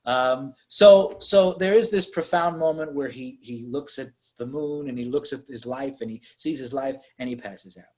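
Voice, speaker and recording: A man's voice: mid-range voice, normal speed, few pauses. A man hosting a podcast, casually and animatedly retelling a movie's plot and acting out its scenes. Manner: animated storyteller, acts out scenes. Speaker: podcast host.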